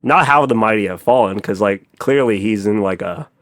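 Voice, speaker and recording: A man's voice: on the low side, normal speed, no echo, studio quality. A man in casual podcast chat, rambling and swearing freely, with lots of filler words. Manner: animated, profane, rambling with many "like" fillers.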